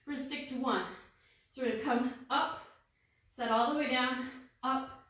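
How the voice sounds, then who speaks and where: Her voice sits high and a bit bright, with a steady tone and normal speed. She's a young fitness instructor leading a guided workout, out of breath as she counts reps and offers encouragement. The sound is very echoey, picked up by a mic far from her.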